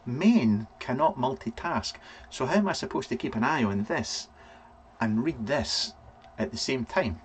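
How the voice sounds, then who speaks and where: A man's voice: medium pitch, lively intonation, a little slow, slight background noise. A Scottish man hosting a casual live vlog, rambling through viewer names with lots of ums. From Scotland. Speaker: vape reviewer and live vlog host. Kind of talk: casual live-stream chat.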